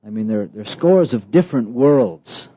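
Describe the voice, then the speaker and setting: A middle-aged man preaching a sermon, slow and emphatic, with dramatic pauses and soft asides. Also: mid-range voice, lively intonation, breathy edge. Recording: dull, lo-fi dry sound.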